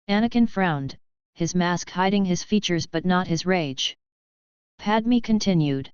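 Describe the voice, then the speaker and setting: A woman's voice: lowish voice, unhurried, smooth, dry recording. Casting: woman story reader, dramatic fan fiction narration, dry and dull sound.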